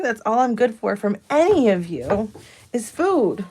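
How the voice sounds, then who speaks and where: A woman's voice: on the high side, sing-song, measured pace, warm tone, slightly rough. A young woman on a farm, cooing and teasing her animals in a pen in casual chat. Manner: cooing baby talk to animals, playful teasing. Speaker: farm vlogger.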